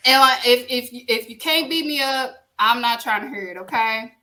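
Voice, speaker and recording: Bright, high-voiced woman hosting awards. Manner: playful, announces winners with drawn-out emphasis. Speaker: podcast host. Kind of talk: casual award-show chat.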